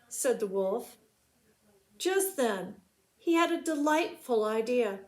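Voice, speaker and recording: A children's librarian reading a storybook aloud, her voice high and bright. She narrates slowly and expressively and gives every line room. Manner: slow and expressive.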